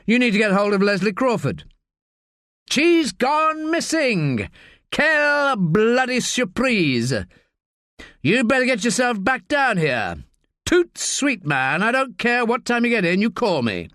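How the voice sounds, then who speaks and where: A man's voice: very high-pitched, very animated, slow pace, fairly bright tone, dry recording, studio quality, voice pushed up, heavily acted. A man voicing a bossy, agitated senior male police officer, swearing and barking orders. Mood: exasperated.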